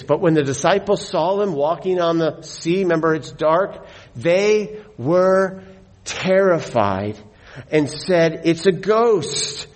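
A middle-aged man preaching a sermon, telling stories with animated delivery and slowing down to stress his points. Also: a little high. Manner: animated storyteller, slows for emphasis. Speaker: pastor.

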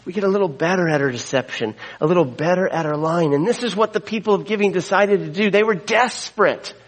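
Storytelling man preaching with a slightly high voice. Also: fast talker, rough recording. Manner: conversational storytelling with asides. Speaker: pastor. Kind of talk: sermon.

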